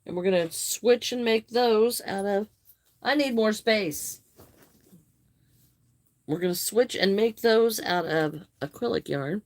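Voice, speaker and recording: A woman hosting a live crochet stream, chatting with viewers, greeting and thanking them by name, with some halting restarts. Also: mid-range voice, dry recording. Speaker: livestream host.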